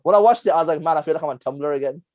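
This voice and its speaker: Young guy rambling and laughing on a podcast, slightly high voice, dead dry sound. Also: racing, no echo, lo-fi sound. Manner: animated, rambling storytelling with frequent laughter. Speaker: podcast co-host. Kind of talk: casual chat.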